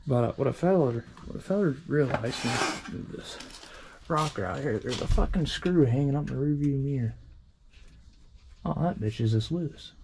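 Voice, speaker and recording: A man's voice: medium pitch, expressive, normal speed, a little mellow, slight background noise. A young man talking casually in his home workshop, rambling and swearing freely as he explains his repair work. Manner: rambling, profane, self-deprecating. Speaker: hobby vehicle restorer.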